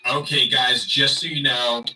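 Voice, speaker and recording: A man's voice: medium pitch, little pitch movement, measured pace, far from the mic, noisy background. A man livestreaming in casual chat, rambling and sarcastic as he talks to his viewers.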